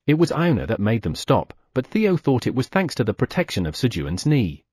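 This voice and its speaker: A man narrating an audiobook with expressive storytelling. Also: mid-range voice, fairly quick, hardly any pauses, slightly rough, no echo, clean studio sound. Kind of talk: scripted narration.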